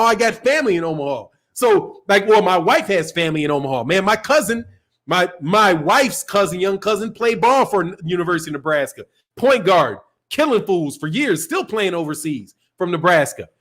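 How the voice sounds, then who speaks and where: A man's voice: high voice, a bit bright. A man from Chicago with a Chicago accent, hosting a live boxing stream in a loose, profane, rambling way with frequent laughs. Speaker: boxing channel host. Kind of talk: casual live-stream rant.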